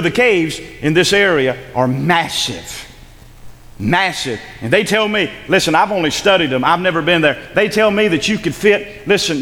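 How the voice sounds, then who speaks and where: A man's voice: a little high, a bit bright. A man preaching a sermon in an emphatic style, repeating his words and acting out scripture. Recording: long hall reverb.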